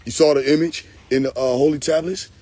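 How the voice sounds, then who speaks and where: A man's voice: on the high side, steady tone, a little fast, warm tone, slightly rough, no room sound. A young man hosting a casual live stream, mocking and profane, often breaking into laughter.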